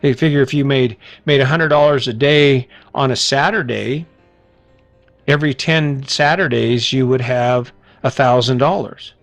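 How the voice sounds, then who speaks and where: A man's voice: medium pitch, a little slow, a bit bright, faint music behind. A middle-aged man hosting a podcast, delivering a blunt motivational monologue full of rhetorical questions and casual swearing. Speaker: podcast host.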